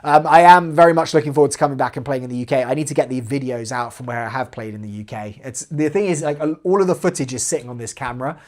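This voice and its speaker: Man, southern English accent with American touches, casual live Q&A host, chatty, rambling, average pitch. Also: fast talker, hardly any pauses. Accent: southern English with slight American inflection. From southwest London, England. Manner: chatty and rambling, trails off quietly at sentence ends. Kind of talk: casual live-stream Q&A, reading chat aloud.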